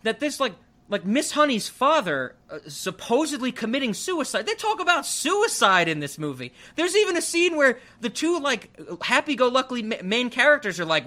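A man co-hosting a casual film review podcast, rambling and animated with frequent restarts. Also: very high voice, normal speed, hardly any pauses. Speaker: podcast co-host. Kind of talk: casual movie review chat.

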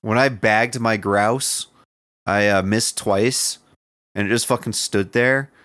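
A man on a casual podcast, telling a story slowly and hesitantly. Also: fairly low pitch, steady tone, fairly bright tone, dry recording, clean studio sound. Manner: slow, hesitant telling with fillers. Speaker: podcast co-host.

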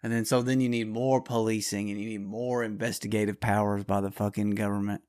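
A man's voice: on the low side, flat delivery, a little fast, darkish tone, smooth. Profane rambling man ranting solo. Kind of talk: solo rant monologue.

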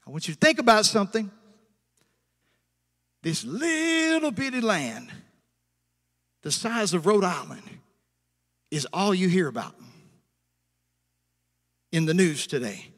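High-voiced preacher man in a reverberant hall. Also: lively intonation, a bit bright. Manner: preachy call-and-response with amens and hallelujahs; slows down to stress scripture quotes. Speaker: pastor. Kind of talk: sermon.

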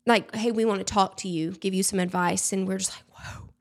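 A woman's voice: mid-range voice, brisk. A woman from Alabama with a Southern accent, telling stories in a casual interview. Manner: expressive, animated storytelling with laughs. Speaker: guest.

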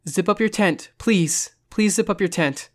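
A narrator voicing a frightened young woman whose voice is taut as she pleads and shouts in a horror story. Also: medium pitch, expressive, unhurried. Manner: tense, pleading.

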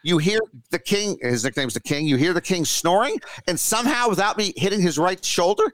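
A man's voice: high voice, expressive, a little fast, fairly bright tone, no echo. A man from Washington, D.C., co-hosting a podcast, rambling through jokey asides in casual banter. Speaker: podcast co-host.

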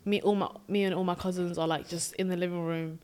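A woman's voice: lowish voice, fairly even intonation, fast talker, darkish tone. A young woman, chatting reflectively as a podcast co-host, with lots of filler words. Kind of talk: casual chat.

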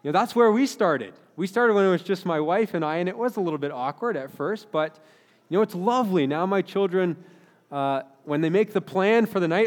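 A man's voice: high-pitched, animated, a little fast. A man in his thirties, a pastor giving an earnest, conversational sermon with frequent restarts. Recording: long hall reverb.

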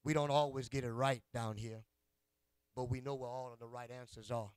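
A man's voice: medium pitch, little pitch movement, fairly quick, clear, resonant tone, dry recording. A male pastor preaching a sermon in a church, calling out to his congregation in a rhythmic call-and-response style and teasing them in a folksy, playful way. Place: church sanctuary.

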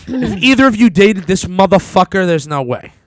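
A man's voice: high voice, lively intonation, moderate pace. A man in casual banter who roasts people bluntly, swearing a lot and laughing at his own jokes. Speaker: guest guessing exes.

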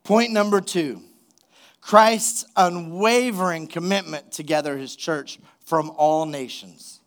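A man's voice: fairly high pitch, steady tone, slow pace, a bit bright. A man preaching a sermon as pastor, retelling a story casually before building to emphatic exhortation.

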